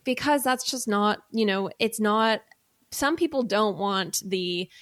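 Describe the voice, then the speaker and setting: A woman's voice: medium pitch, measured pace, no echo. A woman hosting a podcast, talking in a chatty, rambling way with frequent affirmations. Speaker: podcast host. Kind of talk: conversational interview.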